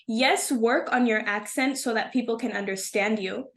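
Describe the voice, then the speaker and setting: A woman co-hosting a casual talk about language learning, speaking in a warm, affirming, emphatic way. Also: on the high side, moderate pace. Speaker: co-host, Spanish and English teacher. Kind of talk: casual conversation.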